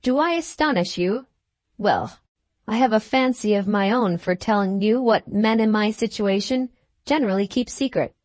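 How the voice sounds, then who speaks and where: A woman's voice: on the high side, a little mellow, no echo, natural voice. A woman voicing a strange, bitter young male medical student in an audiobook, with a harsh, sarcastic, mocking way of talking. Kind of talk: audiobook character reading.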